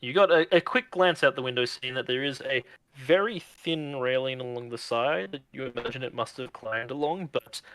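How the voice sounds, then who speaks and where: Male game master on a video call, bright tone, easygoing narration. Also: medium pitch, moderate pace, low-quality recording.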